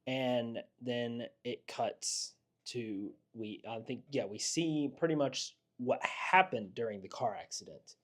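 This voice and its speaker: A man's voice: mid-range voice, slow. A man co-hosting a podcast, casually recapping a horror movie scene by scene and mimicking characters as he goes. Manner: animated storyteller, mimics characters in quotes. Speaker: podcast co-host.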